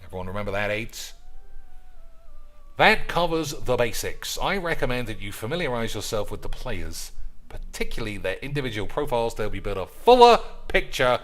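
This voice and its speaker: A man's voice: medium pitch, big pitch swings, moderate pace. A man giving casual, crude and sarcastic gameplay commentary, swearing freely. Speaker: gaming video host.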